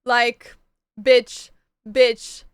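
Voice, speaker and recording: A woman's voice: fairly high pitch, little pitch movement, very slow, clean tone, dry recording. A woman streamer chatting casually with her chat, gushing about books and shows and swearing freely. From Canada.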